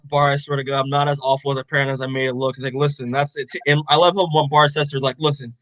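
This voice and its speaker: A man's voice: medium pitch, dry recording, poor audio. A young man co-hosting a podcast, casually recapping a comic in a rambling way full of fillers and swearing. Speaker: podcast co-host.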